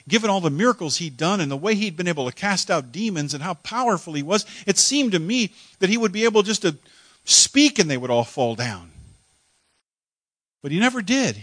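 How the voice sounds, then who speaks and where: A man preacher telling a story in first person as a dramatic monologue sermon, emotional and halting, repeating words when moved. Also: high voice, a bit bright, no echo.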